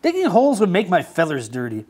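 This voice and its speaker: A man's voice: high-pitched, huge pitch swings, fast talker, darkish tone, full character voice. A man voicing a sulky grumpy duck. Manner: curt, grumbling refusals.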